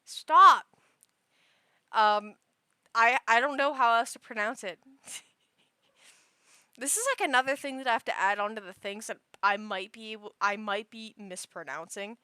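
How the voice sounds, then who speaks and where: A young woman streams and chats with a bright, forceful voice, pitched a little high. She rambles, trips over her words and restarts often. The sound is dry and close. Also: steady tone, normal speed, clear, resonant tone, no echo. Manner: rambling, chatty, many fillers and restarts. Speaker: livestreamer. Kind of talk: casual chat.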